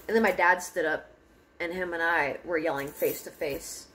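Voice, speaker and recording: A woman's voice: lowish voice, lively intonation, moderate pace. A young woman telling a personal story in a casual car vlog, candid, laughing often and swearing freely. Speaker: vlogger. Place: parked car.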